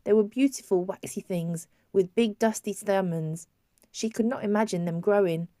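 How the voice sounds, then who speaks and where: A woman narrates a novel in a measured, even storytelling manner, at a middle pitch. Her voice is close and dry, with no room sound. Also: no room sound. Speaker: audiobook narrator. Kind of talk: scripted narration.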